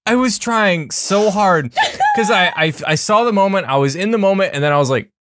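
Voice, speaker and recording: A man's voice: high-pitched, lively intonation, a little fast, background noise. A man co-hosting a podcast, telling a story in casual chat with a rambling, self-mocking manner. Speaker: podcast co-host. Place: small recording room.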